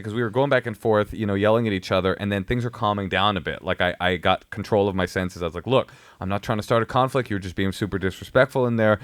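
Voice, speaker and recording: Low-voiced rambling male comedian. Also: dry recording. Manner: rambling storyteller, many fillers and restarts. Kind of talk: casual podcast chat.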